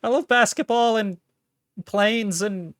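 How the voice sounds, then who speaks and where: A man's voice: slow, a bit bright, soft background music. A man doing a giddy singsong young woman. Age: 30s. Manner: high falsetto, singsong.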